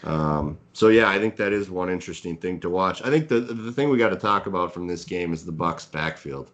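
Deep-voiced male podcast co-host, relaxed analytical football chat. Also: fairly quick. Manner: hedging, filler-heavy, analytical. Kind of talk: casual sports analysis chat.

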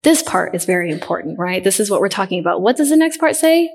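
A woman's voice: mid-range voice, big pitch swings, fast talker, darkish tone. A middle-aged woman preaching a sermon in an earnest way, asking the listeners questions and repeating her key points.

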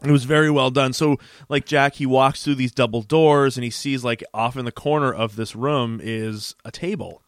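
Man, podcast co-host, animated storytelling, mid pitch, dry sound. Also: moderate pace, hardly any pauses, no echo. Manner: animated retelling, acts out quotes in character voices. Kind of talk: casual episode recap chat.

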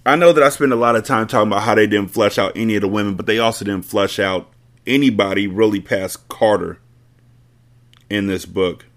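A man's voice: lowish voice, brisk, fairly bright tone. A man hosting a podcast, reading a novel aloud and breaking off for blunt, profane commentary. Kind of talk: casual read-aloud with commentary.

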